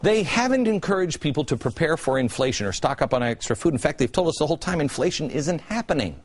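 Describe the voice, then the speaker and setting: A man in his forties delivers a political monologue, his pitch leaping up and down as he tosses out sarcastic rhetorical questions. He sounds like a TV commentary host working through a prepared rant. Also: expressive, quick pace.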